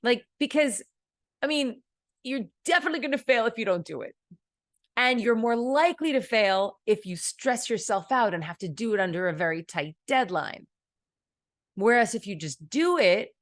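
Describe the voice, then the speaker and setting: A woman's voice: mid-range voice, no room sound. Woman, casual advice stream, earnest, rambling, dry mic. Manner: earnest, rambling, acts out her own inner thoughts. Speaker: streamer giving advice, voice actor.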